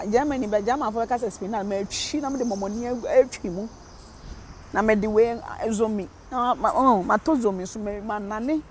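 A woman with a Ghanaian accent giving casual gossip commentary, animated, switching between Twi and English and laughing often. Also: fairly high pitch, a little hiss or hum. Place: living in Germany.

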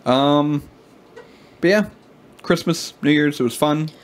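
A man's voice: on the high side, slow, a little hiss or hum. A man in his twenties co-hosting a casual podcast, chatting easily and reading brewery blurbs aloud. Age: 20s. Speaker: podcast co-host. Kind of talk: casual chat.

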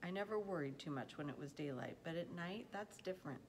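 Woman doing a worried mother; low-pitched, anxious, soft reading. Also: animated, a little fast, in a large hall, a little hiss or hum. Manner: pleading, softly anxious. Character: worried country mother, gentle and fretful.

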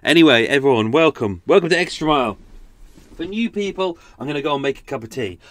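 A man's voice: fairly high pitch, expressive, fast talker. A man hosting an unscripted podcast segment from his boat, chatty, rambling and self-mocking. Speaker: podcast host. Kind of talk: casual unscripted chat. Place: narrowboat cabin.

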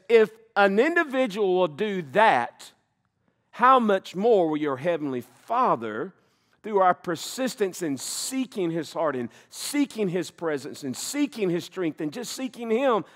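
Animated man preaching a sermon. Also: high-pitched. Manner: animated preaching, slows for emphasis, occasional laughs. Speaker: pastor.

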